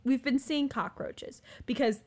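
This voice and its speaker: Twenties woman, slightly high voice, rambling animated storyteller for a chat show. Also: unhurried. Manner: animated, filler-heavy, frequent "like".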